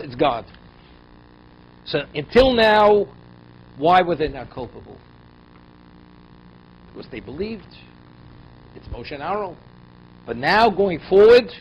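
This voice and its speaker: A man teaching a Torah class as a rabbi, who reads verses and explains them in English with pointed rhetorical questions. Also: high-pitched. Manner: voice rises and drops sharply for emphasis. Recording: dull lo-fi recording, faint noise.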